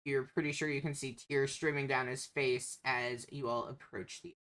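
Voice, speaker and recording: A woman's voice: very deep voice, steady tone, normal speed, a bit bright. A woman narrating as a tabletop game master, hesitant and full of ums.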